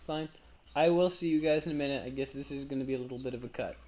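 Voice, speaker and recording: A man's voice: medium pitch, racing, darkish tone, a little hiss or hum. A young man co-hosting a casual gaming podcast, teasing and offhand in a sarcastic way. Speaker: co-host.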